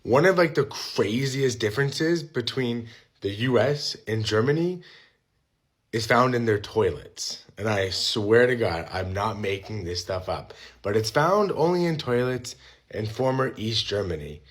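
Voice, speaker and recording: A man's voice: medium pitch, animated, measured pace. An American man chatting casually in a vlog, a bit conspiratorial. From United States.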